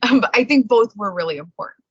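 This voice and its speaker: A woman's voice: fairly high pitch, lively intonation, fast talker, breathy edge, muffled recording. A woman negotiator in a virtual meeting who talks in a chatty way, laughs often and says "like" a lot. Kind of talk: casual meeting talk. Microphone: video call.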